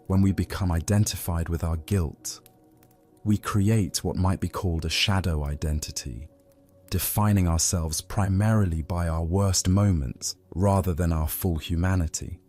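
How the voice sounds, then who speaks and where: Slowly and evenly, a deep-voiced man reads a Zen story to help listeners sleep. His very low voice stays soothing throughout, while soft music plays quietly in the background.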